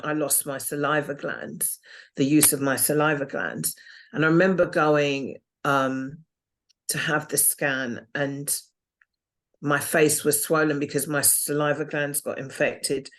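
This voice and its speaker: A woman's voice: sits low, fairly bright tone. A woman guest telling her own story in an interview, earnest and reflective. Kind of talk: interview testimony.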